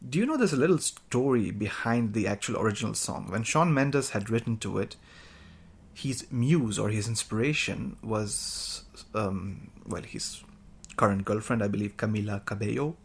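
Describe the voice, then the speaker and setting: A man's voice: fairly low pitch, moderate pace, gravelly, slightly rough. A man hosting his podcast alone, talking in a rambling, chatty way and joking about himself. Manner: rambling, chatty, self-mocking. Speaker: podcast host. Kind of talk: casual podcast monologue.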